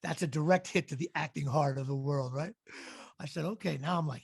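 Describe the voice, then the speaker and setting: An animated man telling showbiz stories as an interview guest. His voice sits high for a man, gravelly and husky, and it is recorded close and dry. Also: brisk, dry recording. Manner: animated storyteller acting out quotes. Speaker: actor and comedian guest. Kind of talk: storytelling in a casual interview.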